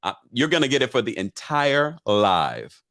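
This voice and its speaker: Animated man chatting on a livestream. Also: mid-range voice, normal speed, gravelly. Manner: animated, chatty, reads viewer comments aloud. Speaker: live-stream recap host. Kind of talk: casual livestream chat.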